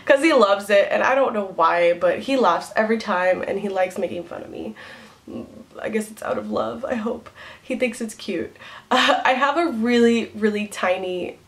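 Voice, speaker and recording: A young woman vlogging to camera in a casual, rambling way, giggling often. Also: medium pitch. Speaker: beauty vlogger.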